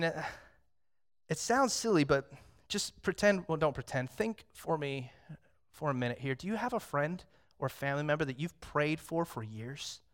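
A man in his thirties preaching a sermon as pastor, talking conversationally and telling stories, moving from hushed reflection to loud excitement. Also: fairly high pitch.

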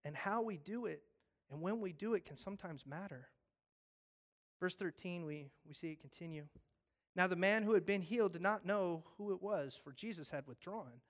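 A man's voice: sits high, a bit bright. Guy pastor giving a sermon, acts out the story with voices, earnest and pleading.

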